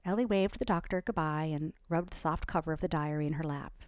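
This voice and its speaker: A woman narrating her own novel aloud in an expressive way. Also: low voice, brisk, no room sound.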